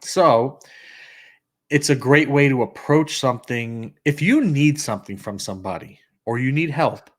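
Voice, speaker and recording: A man's voice: medium pitch, expressive, a little slow. Blunt middle-aged man, podcast co-host. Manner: blunt, storytelling with acted quotes. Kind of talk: casual podcast conversation.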